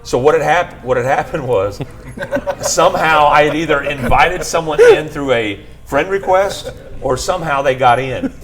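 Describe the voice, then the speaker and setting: A man's voice: fairly high pitch, normal speed, crowd noise, low-quality recording. Rambling man telling a story. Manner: rambling, restarts with "what had happened was". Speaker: podcast host telling a story. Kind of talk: casual storytelling. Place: bar.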